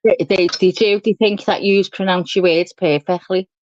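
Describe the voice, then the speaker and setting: A woman hosting a livestream, chatting casually and telling stories in an animated, talkative way. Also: medium pitch, moderate pace, no echo. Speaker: livestream host. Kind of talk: casual chat. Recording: dull dry lo-fi stream audio.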